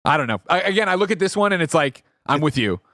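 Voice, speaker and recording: Podcast host, man, animated and profane, bright lively delivery, dry mic. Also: on the high side, fast talker, no room sound. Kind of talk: casual gaming chat.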